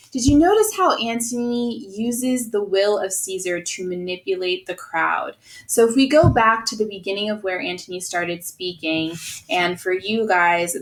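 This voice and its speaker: A woman's voice: on the low side, a bit bright, roomy sound, rough recording. A woman teacher recording a lesson, explaining a text and checking in often with her students.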